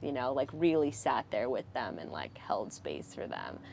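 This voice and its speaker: A woman speaking as a podcast guest in casual, candid conversation, frank and animated with frequent swearing. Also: very deep voice, moderate pace, vocal fry, slight background noise.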